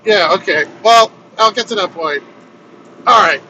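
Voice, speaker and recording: A man with a high voice tells a long story, slow and unhurried, while riding in a vehicle. He swears often and lively acts out his characters' lines. Steady road noise hums under everything. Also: poor audio. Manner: animated, swears freely, acts out quoted lines. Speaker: vlogger telling his own story. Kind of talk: casual storytelling. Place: inside a moving vehicle on a road trip.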